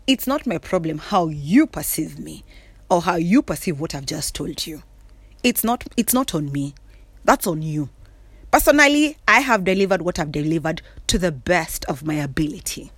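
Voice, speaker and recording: A woman giving a sassy, emphatic casual monologue from her bed, often clearing her throat and laughing. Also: mid-range voice, fairly bright tone, dry recording. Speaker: vlogger. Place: in bed at home.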